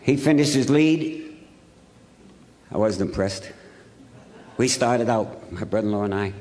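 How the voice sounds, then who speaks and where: A man's voice: on the low side, a little slow, darkish tone. A man in his seventies from Ohio, giving a humorous, blunt, earthy recovery talk as a speaker at a meeting in a hotel ballroom. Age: 70s.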